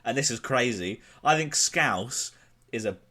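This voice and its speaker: Co-hosting a comedy podcast, a British man with an expressive, sharp, mid-range voice speaks at a measured pace. He tells an invented adventure in a rambling, improvised way, swearing freely and correcting himself along the way.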